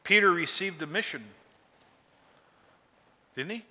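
A man's voice: high voice, expressive, slow pace, sharp tone, long reverb tail. A man preaching a sermon in a folksy, conversational way, often asking his listeners questions. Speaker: pastor.

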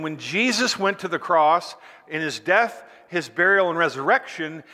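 A man's voice: sits high, pushed and bright, long reverb tail. A man preaching a sermon as pastor, stretching key phrases out for emphasis.

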